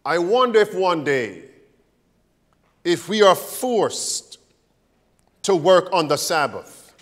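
Emphatic high-voiced preacher in a reverberant hall. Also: male voice, very animated, takes it slowly, a bit bright. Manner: emphatic, rhetorical questions to the congregation. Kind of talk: sermon.

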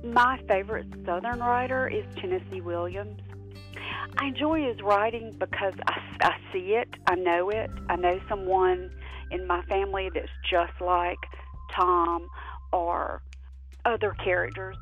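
A middle-aged woman from South Carolina, casually recalling a memory in an animated, halting way. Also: medium pitch. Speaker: interviewee. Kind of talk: casual recollection. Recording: phone-quality voice with soft music.

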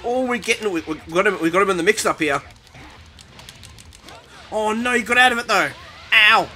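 A young man giving excitable, panicky commentary over his own fighting-game match, taunting his opponent. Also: high-pitched, moderate pace. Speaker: gaming YouTuber. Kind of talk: live gameplay commentary. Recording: game music behind voice.

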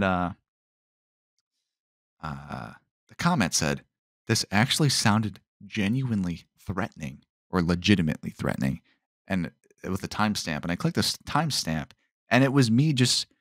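Male podcast host, low voice, dry close sound, rambling, sarcastic-sounding delivery. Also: sing-song, moderate pace, pauses often, no echo. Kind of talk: rambling solo podcast talk.

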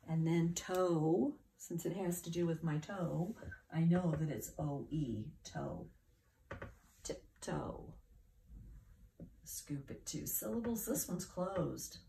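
Slow, gravelly woman teaching phonics. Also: low voice, mellow, slight background noise. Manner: patient, encouraging, spells words out letter by letter. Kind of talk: phonics lesson for children.

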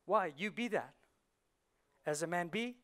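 A male pastor delivers a lively sermon in a church, his voice sitting high for a man. He fires rhetorical questions at the congregation and slips into the voices of the thoughts in people's heads, swinging between hushed asides and loud, pushed lines. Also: a little slow. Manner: animated preaching, acting out inner voices, rhetorical questions. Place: church sanctuary.

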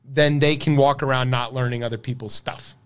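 A mid-range, clean-toned male voice, steady and a little fast, belongs to a US podcast co-host. He discusses the news in casual political chat, keeping things wry, sarcastic, and relaxed.

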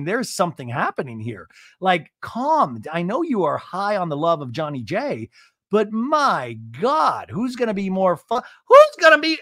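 A man's voice: high voice, a bit bright, no echo, studio quality. A man hosting a podcast, giving a casual comic recap in a sarcastic, chatty, exasperated way. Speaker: podcast host. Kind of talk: casual comedic recap commentary.

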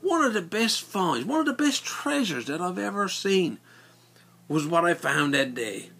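A man spins a yarn in broad local dialect. His bright, slightly husky voice swings up and down as he tells it. The delivery stays lively and animated throughout. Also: high-pitched, a little slow. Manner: animated, folksy dialect narration. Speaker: storyteller. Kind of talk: casual spoken storytelling.

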